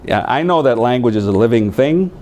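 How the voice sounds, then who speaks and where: Animated male teacher trainer. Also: medium pitch, fairly quick, a little hiss or hum. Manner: animated storytelling, acts out voices. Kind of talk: training talk to new teachers.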